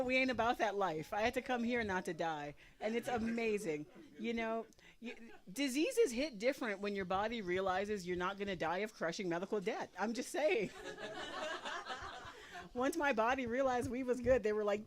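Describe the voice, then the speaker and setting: A woman's voice: medium pitch, moderate pace. A woman in her forties doing a stand-up comedy set on a live stage, with a brash, profane, punchy delivery. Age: 40s.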